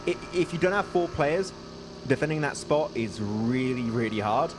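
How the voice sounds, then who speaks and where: An English man casting a live esports match, chatty and quick to laugh. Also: medium pitch, animated, noisy background. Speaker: esports caster.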